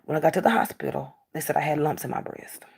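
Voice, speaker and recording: A middle-aged woman with a low, husky voice and a gravelly edge. She talks casually and emphatically, repeating herself and acting out quoted exchanges. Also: quick pace, a little mellow. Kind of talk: casual monologue to camera.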